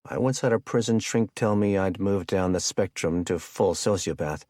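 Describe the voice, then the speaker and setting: Audiobook villain: chatty, casually menacing killer with a deep voice, as a male narrator puts him on; dry close recording. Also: moderate pace, a little mellow, no room sound, lightly acted. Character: jovial sadistic male hitman captor.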